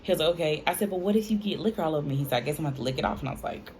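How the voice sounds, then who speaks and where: A young woman, telling a casual storytime to her viewers in an animated, chatty way. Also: sits low, very fast, a little hiss or hum. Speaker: vlogger.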